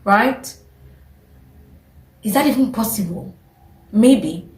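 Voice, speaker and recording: Chatty woman, higher voice. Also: expressive, slow, darkish tone, reverberant, low-quality recording. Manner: chatty, opinionated, often breaks into laughter. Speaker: vlogger. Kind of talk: casual opinion vlog.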